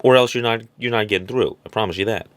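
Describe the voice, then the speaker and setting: A bossy troll gatekeeper who demands a toll before anyone can pass, as a man puts him on. The voice sits on the low side and sounds dry and close, with no room around it. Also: fast, fairly bright tone, no echo, lightly acted. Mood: demanding.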